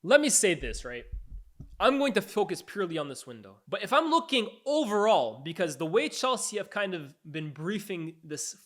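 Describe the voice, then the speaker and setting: Casting: young male football pundit, higher-pitched voice, blunt and animated, casual tier-list talk. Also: moderate pace.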